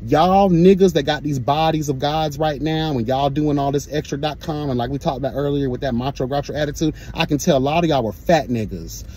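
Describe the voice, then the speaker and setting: A man telling a story in a sassy, profane, animated storytime rant. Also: medium pitch, husky. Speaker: vlogger.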